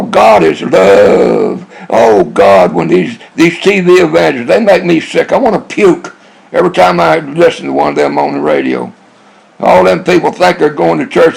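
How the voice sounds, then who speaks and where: Older man, gravelly and husky, fairly high-pitched, blunt rambling monologue. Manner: blunt, rambling, with many restarts. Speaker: YouTube vlogger.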